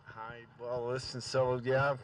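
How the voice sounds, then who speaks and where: A man giving a halting, hesitant remembrance at a memorial gathering. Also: medium pitch, little pitch movement. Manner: hesitant, many fillers and restarts. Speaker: memorial speaker. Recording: far from the mic.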